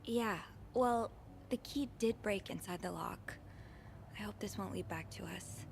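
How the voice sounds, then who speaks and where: A woman's voice: mid-range voice, measured pace, vocal fry, slight background noise. An actress playing a curious young woman in a game who investigates hotel mysteries in an easygoing, matter-of-fact way. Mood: calm.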